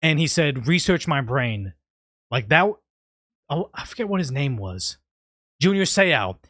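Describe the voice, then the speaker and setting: A man's voice: fairly high pitch, very animated, unhurried, fairly bright tone, no echo, clean studio sound. Rambling man hosting a livestream. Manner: rambling, restarts and tangents. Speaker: livestream host. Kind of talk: casual livestream chat reading super chats.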